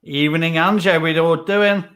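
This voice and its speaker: Bloke cohosting, light self-mocking banter, voice a bit on the high side. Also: male voice, steady tone, normal speed, fairly bright tone. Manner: easygoing, self-deprecating banter. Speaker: co-host. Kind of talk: casual live chat show.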